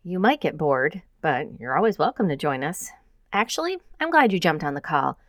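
A woman's voice: sits low, very animated, normal speed, fairly bright tone, no echo, clean studio sound, heavily acted. A woman voicing a wry, grumbling young female graduate student who hacks.

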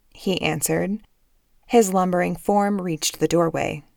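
A woman narrating a novel as an audiobook, in an even, measured storytelling manner. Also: lowish voice, gravelly, no echo, clean studio sound.

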